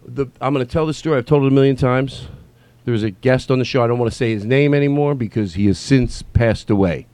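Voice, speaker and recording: A man hosting a casual comedy podcast, rambling and riffing, swearing and bursting into excited shouts. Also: medium pitch, fast talker, no room sound. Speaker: podcast host.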